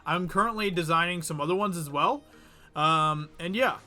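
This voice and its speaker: A man's voice: fairly high pitch, moderate pace, bright, forceful tone. A man hosting a casual livestream, chatty and giggly as he responds to viewers. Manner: chatty, giggly, reads chat aloud. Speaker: livestream host.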